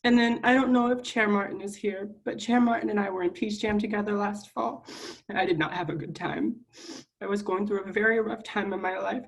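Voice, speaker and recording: A young woman student senator giving a public apology at a meeting, earnest and halting, close to tears. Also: mid-range voice, steady tone. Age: young adult. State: near tears.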